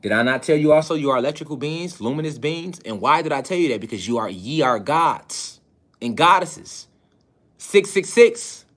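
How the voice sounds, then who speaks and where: A man's voice: a little high, expressive, moderate pace. A man giving a preaching-style spiritual lecture, hammering his points with repeated phrases and rhetorical questions. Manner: repeats key phrases for emphasis.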